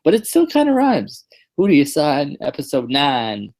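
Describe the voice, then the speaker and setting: A man's voice: on the high side, wildly swooping pitch, normal speed, darkish tone. A man hosting a podcast in casual chat, joking and rambling with fillers and restarts. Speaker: podcast host.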